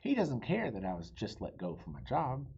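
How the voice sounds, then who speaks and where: A man voicing a sad but kind adult woman in a storybook reading, with a soft, gentle, squeaky delivery. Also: huge pitch swings, normal speed, creaky, husky, highs cut off, exaggerated voice.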